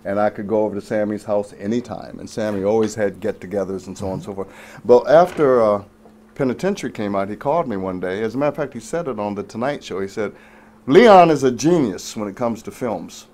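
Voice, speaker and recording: An older man, a former radio announcer and actor, telling stories as a talk show guest with crisp trained diction. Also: on the low side, quick pace. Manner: animated storyteller, trained announcer diction, acts out quotes loudly. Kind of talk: casual interview chat, storytelling.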